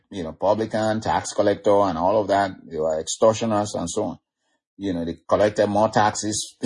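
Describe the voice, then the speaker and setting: Male preacher, fervent storyteller, husky lowish voice, peppers talk with "you know". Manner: fervent, frequent "you know" fillers, rising to excited cries. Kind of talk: sermon.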